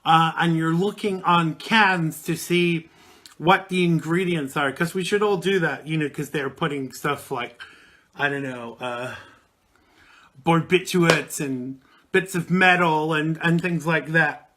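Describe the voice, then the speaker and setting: A man's voice: fairly high pitch, measured pace, a bit bright. A man around forty hosting a live call-in radio show, chatting casually and rambling with lots of ums and restarts. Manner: rambling, with many fillers and restarts. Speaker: radio talk show host.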